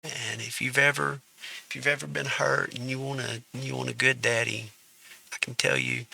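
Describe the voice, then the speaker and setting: A man with a heavily gravelly, husky voice that has a hard, bright edge. He hosts a faith vlog and talks earnestly, stopping and repeating his words as he goes. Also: mid-range voice, level tone, measured pace, low-quality recording. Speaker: faith video host. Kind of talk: casual faith vlog monologue.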